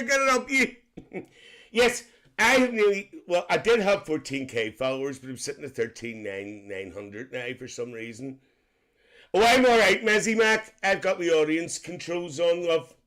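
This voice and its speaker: A man voices a cheeky, gossipy middle-aged Northern Irish aunty who hosts a livestream, chatting with viewers, calling everyone dear and laughing often. His voice is mid-range with a fairly bright tone, close to an everyday voice.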